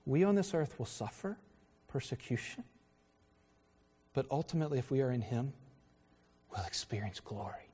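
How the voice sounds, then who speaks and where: A man's voice: medium pitch, sing-song, mellow, breathy edge. Middle-aged male pastor, earnest and conversational, long church reverb. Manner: earnest, conversational preaching with pauses and self-corrections. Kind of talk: sermon. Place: church sanctuary. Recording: reverberant hall.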